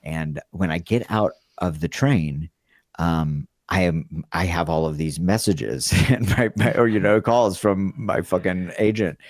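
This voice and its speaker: A man's voice: low-pitched, a little slow, no room sound, clean studio sound. A man casually telling a rambling story about his acting start, often laughing as he goes. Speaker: guest storyteller.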